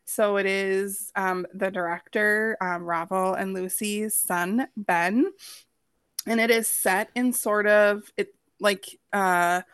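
Slow-talking woman with a Minnesota accent. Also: medium pitch, fairly even intonation, a bit bright, clean tone, no echo. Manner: drawn-out, hesitant with ums. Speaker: podcast co-host. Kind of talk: casual chat.

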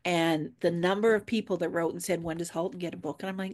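A woman's voice: fairly low pitch, fairly even intonation, fast, a little mellow. An author chatting casually about her books, acting out quoted dialogue as she tells a story. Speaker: author guest. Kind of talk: casual chat.

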